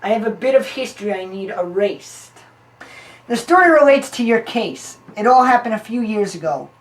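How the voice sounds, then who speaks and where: A woman playing a rambling, scheming female informant who tells long stories in a deadpan way. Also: medium pitch, moderate pace, natural voice, poor audio. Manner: long-winded, deadpan storytelling.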